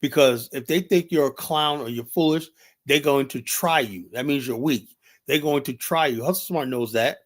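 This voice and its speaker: Middle-aged male streamer, mid-range voice, rambling profane rants, leans on "you know" constantly. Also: mid-range voice. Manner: blunt and heated. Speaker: livestream host. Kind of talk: unscripted livestream commentary.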